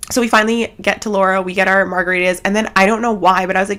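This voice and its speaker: A woman from Canada hosting a casual chat podcast at home, giggly and rambling, talking fast with lots of fillers. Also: medium pitch, steady tone, pushed and bright. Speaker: podcast host. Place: home setup, seated cross-legged.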